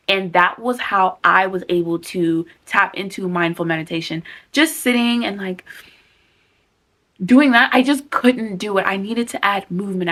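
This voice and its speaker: A young woman talking casually and earnestly to camera about self-care and calming techniques, with frank, animated asides. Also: mid-range voice. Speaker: vlogger.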